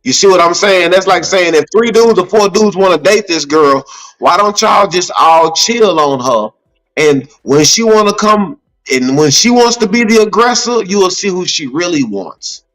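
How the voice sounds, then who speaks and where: High-pitched guy, chatty and pushy, keeps going "you see what I'm saying". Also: expressive, normal speed, fairly bright tone, poor audio. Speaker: podcast co-host. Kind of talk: casual chat.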